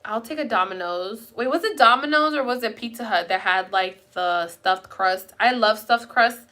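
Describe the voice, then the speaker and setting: A woman's voice: on the high side, normal speed, bright, forceful tone. A young woman live-streaming at home, chatting with viewers in a rambling, casual way and swearing now and then. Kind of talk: casual chat.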